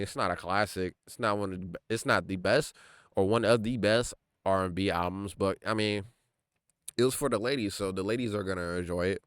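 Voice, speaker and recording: Smooth low-voiced young man, slangy chat. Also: no echo, studio quality. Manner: laid-back slangy, lots of "like" and "bro". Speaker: podcast co-host. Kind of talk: casual chat.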